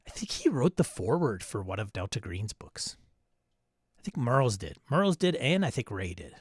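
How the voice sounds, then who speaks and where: A live-stream host reads his viewers' comments aloud in a relaxed way, laughing and riffing on each one. His husky, medium-pitched voice swings widely in pitch at a moderate pace, captured in studio quality with no room sound.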